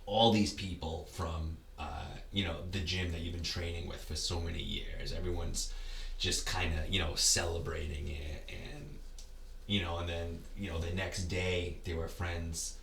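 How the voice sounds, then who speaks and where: A man's voice: deep voice, level tone, a little slow, a bit bright, reverberant, distant mic, slight background noise. A man talking as a podcast guest in casual conversation, rambling and often restarting his words. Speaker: podcast guest, ultra race runner.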